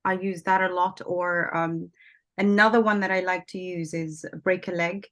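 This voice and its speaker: A woman guest, an English teacher, chatting casually in an interview, hesitant with many pauses and restarts and soft laughs. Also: on the low side, steady tone. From lives in London.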